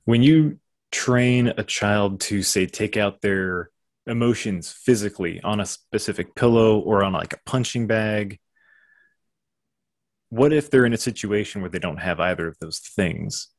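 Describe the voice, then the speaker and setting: A man appearing as a podcast guest, speaking calmly and explaining his thoughts carefully. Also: lowish voice, a little slow. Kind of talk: casual conversation.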